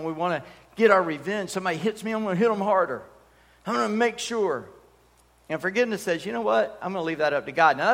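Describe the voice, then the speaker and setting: A male preacher delivers a sermon with animated, emphatic storytelling and humorous asides. His voice sits a little higher than most men's. The church hall adds a long reverb tail behind every phrase.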